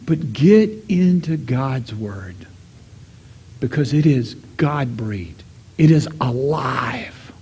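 A middle-aged man preaching a sermon, telling a story and voicing the people in it, swinging from loud to hushed. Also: mid-range voice, expressive, slow pace, slightly rough, lo-fi sound. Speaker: pastor.

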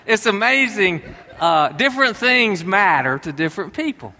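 A man's voice: high-pitched, big pitch swings, normal speed, pushed and bright, long reverb tail. A middle-aged man, preaching a conversational sermon and telling stories to his congregation. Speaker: pastor.

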